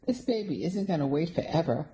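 Woman reading a pregnant lady who's all business, matter of fact, low warm voice. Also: big pitch swings, brisk, low-quality recording. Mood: determined. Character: heavily pregnant woman, blunt and determined.

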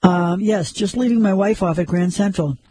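A worn-out, nervous man answers in short, hesitant replies, as a reader gives him voice. The voice is husky and pitched fairly high for a man. The sound is dry and close. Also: normal speed, dark tone, no room sound.

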